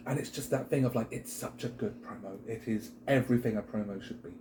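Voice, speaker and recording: A man's voice: lowish voice, fast talker, noisy background. A British man co-hosting a wrestling chat show, talking casually and rambling with lots of fillers. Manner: rambling, filler-heavy, animated.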